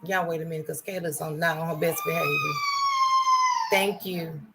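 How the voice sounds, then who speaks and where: A middle-aged woman hosting a casual livestream from home, greeting viewers by name and speaking candidly, softer and slower on painful memories. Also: lowish voice, wildly swooping pitch, heavy background noise. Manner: greets and thanks viewers by name between stories. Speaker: livestream host. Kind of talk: casual live-stream chat.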